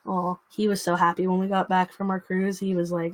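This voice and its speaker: A woman's voice: lowish voice, level tone, normal speed. Chatty young woman livestreaming. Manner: chatty, coos baby talk to her dog. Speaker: livestream host. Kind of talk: casual livestream chat.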